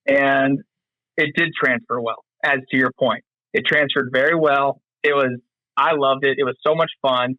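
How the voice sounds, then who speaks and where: A man's voice: medium pitch, no echo. Rambling man talking business, dry lo-fi sound. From North Carolina. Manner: rambling, lots of fillers and restarts. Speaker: podcast guest. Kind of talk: casual interview chat.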